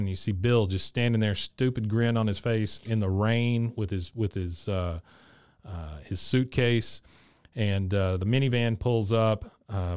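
A man's voice: on the low side, a little mellow, clear, resonant tone, dry recording, clean studio sound. A man co-hosting a podcast, casually retelling scenes from a cartoon episode and quoting the characters' lines in his own voice. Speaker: podcast co-host recapping an episode. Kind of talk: casual chat.

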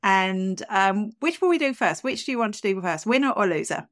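A woman's voice: mid-range voice, expressive, moderate pace, fairly bright tone, no room sound, studio quality. A woman hosting a podcast, chatting in an upbeat way with lots of asides. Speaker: podcast host. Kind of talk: casual chat.

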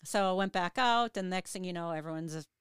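A woman with an Upper Midwest American accent telling a lively story on a podcast, acting out the people in it, with lots of restarts. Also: on the low side, brisk, clean tone, no room sound. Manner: animated, acts out quoted voices, many restarts. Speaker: podcast guest, ghost tour owner. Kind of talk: casual storytelling.

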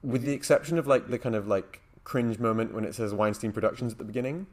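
Speaking quickly in a medium-pitched, slightly mellow voice, a podcast co-host works through his thoughts during a casual discussion. He hedges a lot and fills gaps with frequent "like" and "um", sounding thoughtful.

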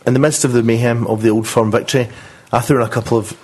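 A man tells strange football stories with animated relish on a casual podcast. His voice is husky, at a middling pitch, and he addresses his friends directly as he talks. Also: fast talker. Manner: animated storyteller, relishes the anecdotes. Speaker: podcast regular.

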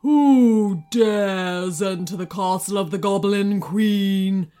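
Grumbling dragon voiced by a woman, sleepy, loud, storybook creature. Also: slow pace, clean tone, faint music behind, lightly acted. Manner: grumbling, booming.

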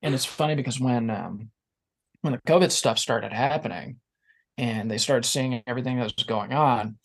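Guy on a podcast, earnest, thinking out loud, mid-pitched voice. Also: normal speed, creaky. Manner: earnest, reflective. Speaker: podcast guest. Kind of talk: casual conversation.

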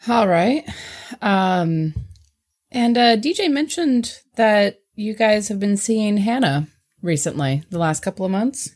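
A woman's voice: mid-range voice, lively intonation, slow, a little mellow. Misty, a woman playing a blunt oddball. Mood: businesslike. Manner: dry, blunt, matter-of-fact. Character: blunt, odd young woman asking pointed questions.

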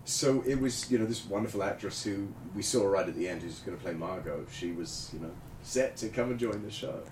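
A man's voice: fairly low pitch, a little fast, roomy sound, far from the mic, a little hiss or hum, low-quality recording. A man telling stories with lots of laughter in a casual panel chat. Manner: animated, laughing storyteller. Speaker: actor guest.

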